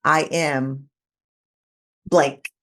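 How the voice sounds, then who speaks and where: A woman in her thirties hosting a casual interview, telling a personal story in an animated way and acting out what people said. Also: very slow. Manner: animated storytelling, acting out quoted lines with big pitch jumps. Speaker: podcast host.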